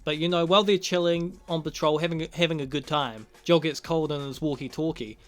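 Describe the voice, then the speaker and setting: A man's voice: a little high, fairly even intonation, brisk. A man casually recapping and reviewing a TV episode, rambling and swearing freely, often chuckling.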